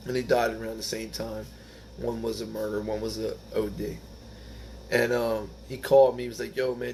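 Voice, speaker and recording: A man telling his own recovery story in an earnest, halting way, often restarting his words. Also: mid-range voice, slight background noise. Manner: earnest, halting, rises when reading the text aloud. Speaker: recovery group speaker. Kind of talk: personal testimony.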